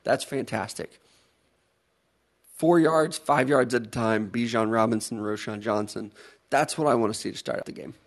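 A man's voice: mid-range voice, moderate pace, gravelly. A man co-hosting a podcast, chatting casually about college football bets, teasing and laughing often. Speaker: podcast co-host. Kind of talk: casual sports betting chat.

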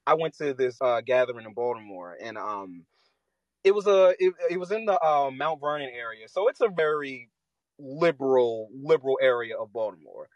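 A man calling in to a podcast, telling a story in an excited, casual way and often jumping his voice up high. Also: normal speed, no room sound, muffled recording. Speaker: caller. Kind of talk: casual call-in chat.

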